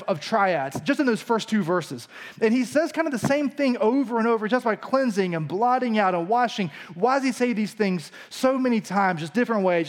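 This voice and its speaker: A preacher with a drawl and a fairly high voice talks through scripture like a friendly teacher. His delivery is loose and chatty, full of restarts and homespun asides. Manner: casual teaching tone with frequent restarts and storytelling asides. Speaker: pastor. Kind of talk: conversational sermon.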